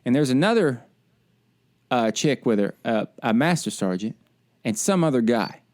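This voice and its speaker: A man co-hosting a casual podcast, telling a frustrated story in an animated, ranting way. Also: medium pitch, normal speed. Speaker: podcast co-host; military service member.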